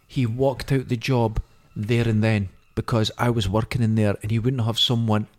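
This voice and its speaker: A man's voice: fairly low pitch, moderate pace. A Scottish man co-hosting a podcast, telling anecdotes in casual chat and acting out the voices of the people in them. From Scotland. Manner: animated anecdote teller, acts out quoted voices. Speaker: podcast co-host.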